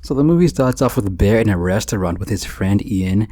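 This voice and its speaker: A man's voice: lowish voice, lively intonation, brisk, music in the background. A man giving a comedic movie commentary and acting out characters' lines. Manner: joking, acts out characters' lines.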